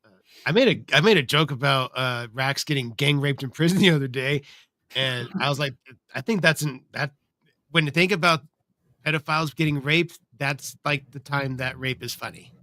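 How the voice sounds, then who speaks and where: A man on a casual podcast, agreeing in a matter-of-fact, deadpan way. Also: mid-range voice, normal speed, dry recording.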